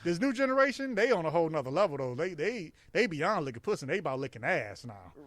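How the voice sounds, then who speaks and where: A man's voice: a little high, very animated, fast talker, a bit bright, no echo. A middle-aged man co-hosting a podcast, telling loose, crude stories in casual chat and laughing often. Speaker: podcast co-host.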